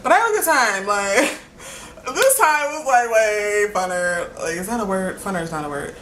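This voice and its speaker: A young woman vlogger speaks expressively at a moderate pace, her medium-pitched voice a bit bright, as she rambles, giggles, apologizes, and strings thoughts together with lots of "like." The echoey room has faint ambience and slight background noise.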